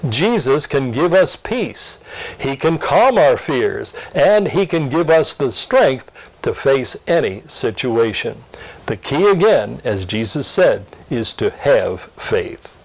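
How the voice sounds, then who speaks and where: A man presenting a scripted Sunday school lesson preview in an earnest, expressive teaching tone. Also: mid-range voice, slow, poor audio. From Pennsylvania.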